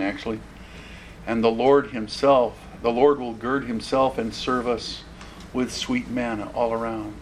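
A man's voice: mid-range voice, a little hiss or hum. A man preaching an expository sermon, asking the congregation questions and acting out the voices in the passage. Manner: animated, acts out scripture voices, asks the audience questions. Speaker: pastor.

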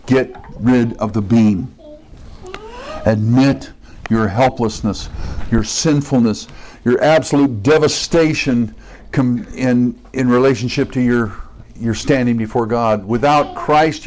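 An earnest male preacher speaks to his congregation in a conversational tone. His voice sits in a middling male pitch, and he reads scripture aloud before explaining it in plain terms. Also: slow pace, a little mellow, a little hiss or hum, rough recording. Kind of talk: sermon.

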